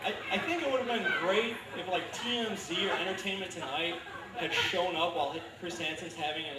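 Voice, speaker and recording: A man in his thirties doing a stand-up comedy set, delivering dark one-liners in a dry, deadpan manner. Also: high voice, very noisy. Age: 30s. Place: comedy club stage. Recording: echoey club recording from far off.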